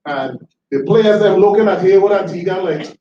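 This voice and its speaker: A high-pitched man tells anecdotes at a tribute. He is animated, laughs easily and repeats himself. He is picked up from a distance by a dull, roomy hall recording. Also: normal speed, noisy background. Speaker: tribute speaker, former school educator.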